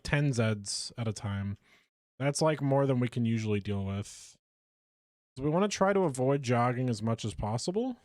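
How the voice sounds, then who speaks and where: Man, game streamer, lively up-and-down voice, slightly high, dry close sound. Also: dry recording. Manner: chatty, animated, self-mocking. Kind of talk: live gameplay commentary.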